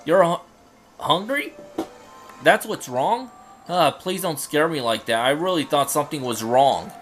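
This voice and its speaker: A man's voice: a little high, expressive, a little slow, faint music behind. A man voicing a kind, reassuring young royal hero in a fan dub of game dialogue. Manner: gentle, reassuring.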